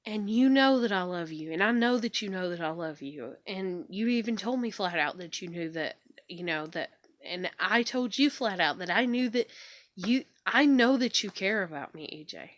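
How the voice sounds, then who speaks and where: A woman's voice: medium pitch, expressive, normal speed, no echo. A young woman vlogging into her phone, venting in a frustrated, swearing, repetitive rant about home life.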